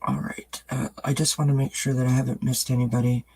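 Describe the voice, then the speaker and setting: Man, tarot reader on a live stream, husky mid-pitched voice, gentle and reassuring. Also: level tone, fast talker, low-quality recording. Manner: reassuring, greets chat viewers by name.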